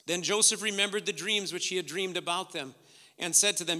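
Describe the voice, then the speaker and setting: Bright-voiced preacher man in a hall. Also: sits high, brisk. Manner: preaching with dramatic swings from hushed to loud. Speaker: pastor. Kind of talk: sermon.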